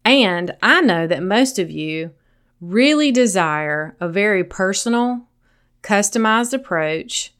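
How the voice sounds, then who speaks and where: Smooth-voiced Southern woman podcast host. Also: medium pitch, fairly bright tone. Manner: earnest, encouraging, speaks directly to listeners. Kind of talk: solo podcast monologue.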